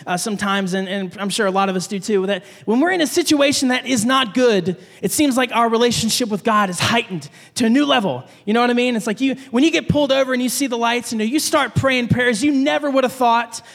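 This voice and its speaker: A pastor in his young adult years preaches to his congregation in a chatty, storytelling way, switching into a fretful voice whenever he acts out what went through his head. His voice sits very high for a man, and it rings out with the long reverb of a church sanctuary. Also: fast, vocal fry, few pauses. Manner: animated storytelling, acting out his own panicked thoughts. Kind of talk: conversational sermon with personal story.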